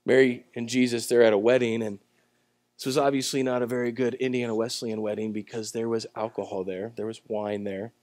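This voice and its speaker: A man preaching a sermon at a church service, telling the story in a conversational way and swinging between loud, emphatic lines and quiet ones. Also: mid-range voice, level tone, fairly quick, dry recording. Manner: conversational storytelling with acted-out voices. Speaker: pastor.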